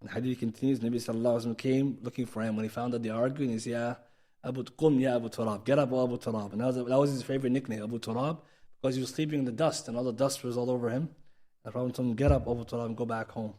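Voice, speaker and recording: Male teacher, mid pitch, quick delivery, chatty lecture style that checks in with the audience. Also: fairly even intonation, warm tone. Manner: conversational, asks the audience "right?" often, acts out quoted speech. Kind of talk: recorded mosque class lecture. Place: mosque.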